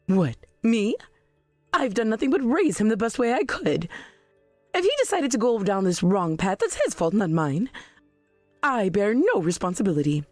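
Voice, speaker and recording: Woman as an outraged mother, defensive, lively pitch, dry close voice. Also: normal speed, no echo, faint music behind. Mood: indignant. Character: indignant middle-aged mother, proud and self-righteous. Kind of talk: text-message story voice reading.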